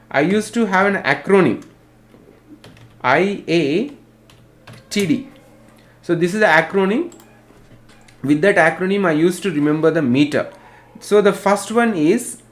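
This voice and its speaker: A male teacher with an Indian English accent giving an online literature class, spelling out terms and repeating definitions. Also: fairly high pitch.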